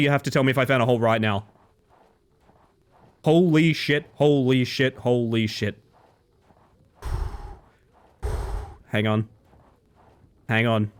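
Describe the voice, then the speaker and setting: A man chatting casually and excitably while livestreaming a game, swearing freely. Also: mid-range voice. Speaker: game streamer. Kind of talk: casual gaming livestream chat.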